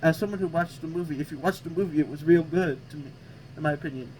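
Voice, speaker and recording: A man's voice: on the high side, quick pace, a little mellow, a little hiss or hum, rough recording. A man hosting a reaction video, talking back sarcastically at what he reads and tripping over words. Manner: stumbles and restarts over words. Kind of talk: casual reaction commentary.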